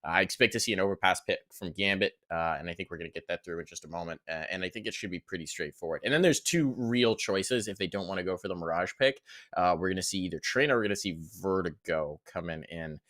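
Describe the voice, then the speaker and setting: Low-voiced male esports caster. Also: fast. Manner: energetic, builds on his own phrases. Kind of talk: pre-match esports commentary.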